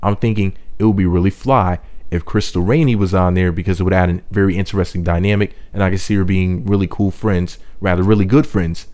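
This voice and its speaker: A man's voice: sits low, a little mellow. A man hosting a celebrity gossip channel, talking in a brash, joking, rambling way with loose asides. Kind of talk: casual gossip commentary.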